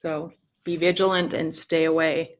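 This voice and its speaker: A woman giving a measured, explanatory webinar presentation on legal matters, with frequent ums. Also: low voice, little pitch movement. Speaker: immigration attorney presenter. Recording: tinny phone-line audio.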